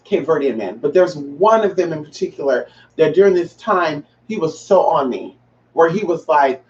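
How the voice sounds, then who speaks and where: A woman's voice: low voice, expressive, normal speed, darkish tone. A transgender woman hosting a casual livestream, chatting with viewers in a sassy, profane way and calling them honey and girl. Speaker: livestream host. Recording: roomy, distant, dull lo-fi sound.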